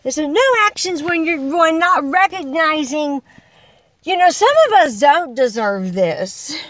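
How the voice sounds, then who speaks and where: High-pitched woman, swooping lively delivery, exasperated and emphatic, dull lo-fi recording. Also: no room sound. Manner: exasperated, emphatic, rhetorical questions. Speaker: caller addressing unseen listeners. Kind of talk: impassioned monologue.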